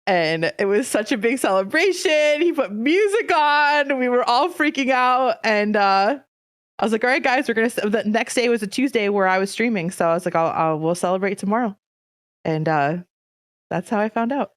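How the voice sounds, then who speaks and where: A woman's voice: fairly high pitch, expressive, normal speed, no echo, clean studio sound. A woman in casual podcast talk, telling a story with emotion and animation. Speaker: streamer guest.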